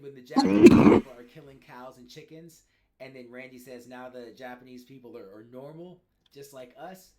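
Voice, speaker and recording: A man's voice: mid-range voice, dark tone. A man hosting a reaction video, talking casually and upbeat between clips. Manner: upbeat, talkative, laughs often.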